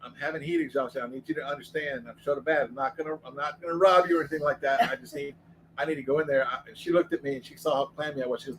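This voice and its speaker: Ex-cop guy rambling thru stories fast, kinda high voice, lots of restarts, faint hum behind. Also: fairly even intonation, low-quality recording. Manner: rambling storytelling with repeated restarts. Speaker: co-host, former police officer. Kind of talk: casual livestream chat.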